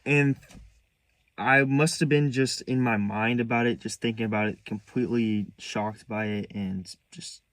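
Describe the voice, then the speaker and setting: A young man telling a painful personal story in a candid, halting way, restarting sentences, earnest and hurt. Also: mid-range voice, steady tone, no echo. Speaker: vlogger.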